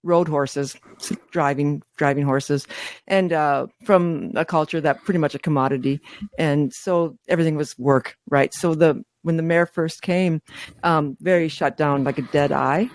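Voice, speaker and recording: A man hosting a podcast, telling his own story in a chatty, animated way with lots of fillers. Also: a little high, moderate pace, no room sound. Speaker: podcast host. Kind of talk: casual chat.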